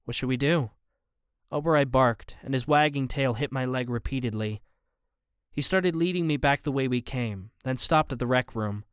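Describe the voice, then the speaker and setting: A man reads a first-person audiobook in a measured, even way. His mid-range voice is smooth and resonant. The studio recording is close and dry. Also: medium pitch, dry recording. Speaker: audiobook narrator.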